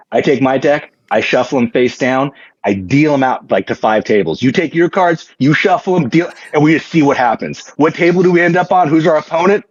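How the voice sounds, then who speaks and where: Rambling, joking man with a husky voice. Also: on the high side, a little fast, dry recording, highs cut off. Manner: rambling, joking, many fillers and restarts. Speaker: podcast guest, tabletop wargame player. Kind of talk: casual storytelling chat.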